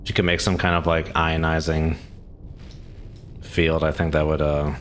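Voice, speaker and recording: A man's voice: rumbling low, little pitch movement, measured pace, slight background noise. A man streaming a game, chatting casually and answering chat questions, with frequent chuckles. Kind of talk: casual live-stream commentary.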